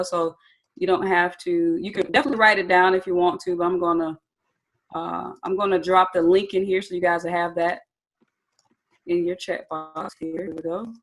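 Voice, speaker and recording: Upbeat Southern woman teaching online. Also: on the low side. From Atlanta, Georgia. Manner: chatty, upbeat and encouraging, addresses viewers directly. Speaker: trading instructor. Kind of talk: live online training webinar.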